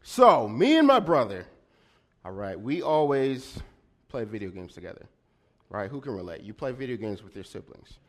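A young man doing a stand-up set, telling a personal story to the crowd. He talks in a chatty way, keeps checking in with the audience and acts out a brother's outbursts with loud sudden bursts. His voice sits at an ordinary pitch for a man. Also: big pitch swings, moderate pace. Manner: chatty, addresses the audience with frequent "all right?". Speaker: stand-up comedian.

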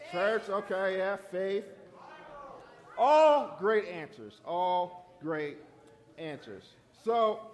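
A young adult man giving a lively, conversational sermon as a youth pastor, often checking in with "right?". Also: a little high.

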